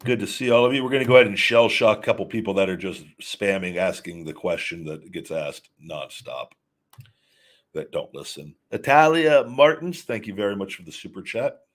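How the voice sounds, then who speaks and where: Here the podcast host sounds low and expressive, talking a little fast as he rambles casually through questions from his livestream chat. Words get repeated and sentences restart again and again.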